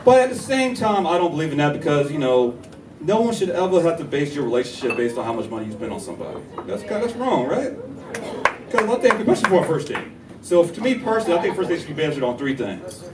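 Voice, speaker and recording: A young man from North Carolina, performing a stand-up comedy set with animated storytelling and banter with the audience. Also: a little high, fast talker, heavy background noise. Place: comedy club stage. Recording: echoey club taped from far. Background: laughing live audience.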